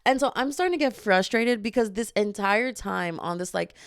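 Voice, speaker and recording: A young woman hosting her own show, telling a funny travel story in a casual, animated way with quick asides and laughter. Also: mid-range voice, clean tone, dry recording, studio quality. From family from Dominica. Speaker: podcast host.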